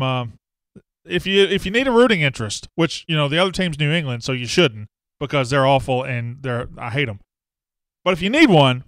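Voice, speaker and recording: A man's voice: fairly high pitch, fairly bright tone, smooth, no echo. A man hosting a casual live sports talk show, rambling and self-deprecating as he greets viewers by name.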